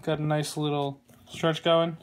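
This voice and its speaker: A man giving a casual how-to tutorial on a glove, relaxed and rambling, with plenty of fillers and small jokes. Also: on the high side, a little slow. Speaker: glove maker demonstrating lacing. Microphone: phone camera.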